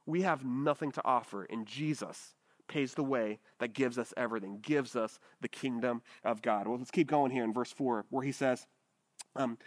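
A man's voice: mid-range voice, animated, normal speed. A man preaching a sermon in a casual, conversational way, often checking in with his listeners with "right?". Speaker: pastor.

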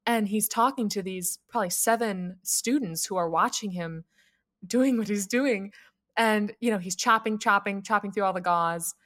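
An American woman, a young adult, co-hosting a podcast and telling a personal story in a casual, animated way, laughing often. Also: mid-range voice, moderate pace. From United States. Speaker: podcast co-host.

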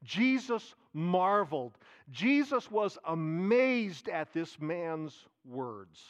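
A male pastor preaching a sermon, animated, repeating key phrases and dropping into soft asides. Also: high-pitched, very slow.

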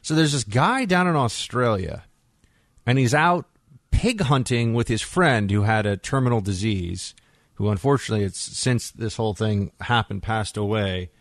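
A man hosting a talk radio show, telling stories in an animated, conversational way into a studio microphone. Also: on the low side, normal speed, no echo.

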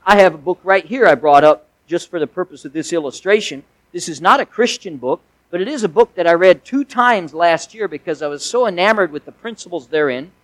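Pastor, male, slightly higher voice, folksy conversational sermon that rises to emphatic peaks, dry sound. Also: expressive, fairly quick, hardly any pauses, a bit bright, dry recording, poor audio. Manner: conversational preaching with folksy asides and emphatic swells.

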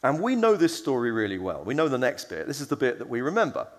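With a mid-range voice, wildly swooping pitch, and a quick pace, a man preaches at a conference, his words followed by a long reverb tail. His sermon is story-driven and conversational, full of fillers, restarts, and impersonations of the people he quotes.

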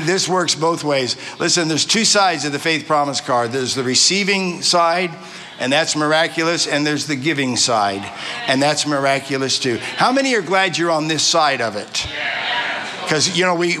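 A man's voice: a little high, sharp tone, a little hiss or hum. A man, preaching a sermon as a visiting pastor in an exuberant, affectionate way, often restarting his phrases. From Arizona.

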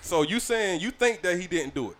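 A man's voice: high voice, animated, fairly quick, a bit bright, low-quality recording. A man hosting a casual podcast, teasing his guests and laughing often. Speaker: host.

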